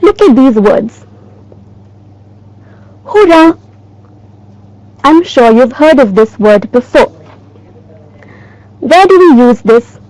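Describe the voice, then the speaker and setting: A woman teacher giving a recorded lesson in a slow, clear, emphatic way. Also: a little high, lively intonation, warm tone, no echo, rough recording.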